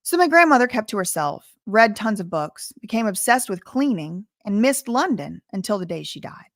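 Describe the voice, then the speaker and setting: A woman's voice: medium pitch, very animated, normal speed, no room sound, clean studio sound. A woman reading a memoir aloud and breaking off into casual spoken asides. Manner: reads passages then breaks off into chatty asides.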